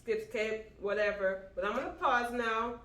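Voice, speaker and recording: A young woman from Guyana co-hosting a casual eating vlog, chatty and quick to laugh. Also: on the high side, a bit bright. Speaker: vlog co-host. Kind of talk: casual mukbang chat. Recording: echoey room.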